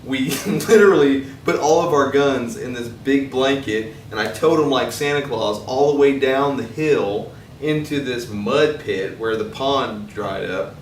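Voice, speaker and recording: A man's voice: medium pitch, unhurried. A man co-hosting a casual gun show, telling stories and laughing often. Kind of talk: casual chat. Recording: echoey, from far off, faint noise.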